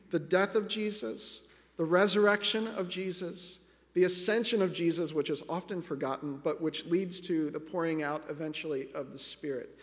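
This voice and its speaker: High-voiced preacher with long hall reverb. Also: male voice. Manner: earnest, reflective, addresses listeners as friends. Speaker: pastor. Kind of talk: sermon.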